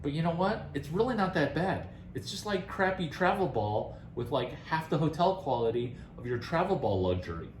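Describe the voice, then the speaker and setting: A man giving career advice in a rambling, animated casual talk, often laughing and restarting his sentences. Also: a little high, normal speed, hardly any pauses, reverberant, a little hiss or hum, poor audio.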